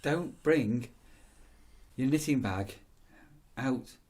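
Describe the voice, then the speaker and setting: A man's voice: mid-range voice, lively intonation, extremely slow, darkish tone, a little hiss or hum. A man vlogging at home at night, telling a rambling story and teasing his companion in casual chat.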